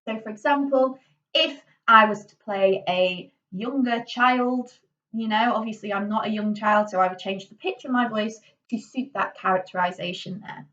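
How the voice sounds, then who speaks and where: A woman's voice: mid-range voice, normal speed, a bit bright. Brief: young woman drama teacher, casual tutorial patter, recorded a little off-mic and dull. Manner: chatty, many fillers and "okay"s, gestural. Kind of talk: classroom tutorial. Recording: dull, slightly distant lo-fi recording.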